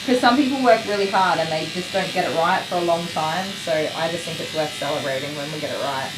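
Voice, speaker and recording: Australian woman groomer, rambling casual chat, low-ish voice, roomy echo. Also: fast talker, heavy background noise. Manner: chatty, rambling, laughs often. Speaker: dog groomer streaming live. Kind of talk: casual chat while working. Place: grooming salon. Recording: echoey room with loud clipper buzz.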